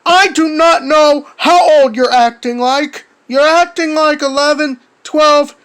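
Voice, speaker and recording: A man replies to another video in a measured, lecturing tone, with stiff phrasing. He speaks slowly and in a fairly high voice. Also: a bit bright. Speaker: vlogger replying to a video. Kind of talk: calm commentary.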